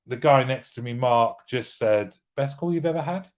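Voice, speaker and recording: A man's voice: mid-range voice, moderate pace. A British man hosting a casual live show, greeting viewers by name and joking as he reads their comments. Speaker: livestream host.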